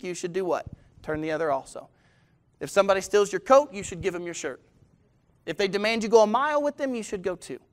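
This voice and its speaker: A man's voice: high voice, a bit bright. A man preaching a sermon as pastor, telling stories, putting questions to the congregation and chuckling now and then.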